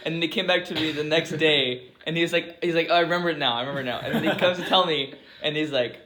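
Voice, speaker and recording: A man's voice: fairly high pitch, steady tone, quick pace, sharp tone. A man chatting casually as a guest on a podcast with friends, telling stories while laughing. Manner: joking, laughing storyteller. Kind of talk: casual chat among friends. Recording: echoey room.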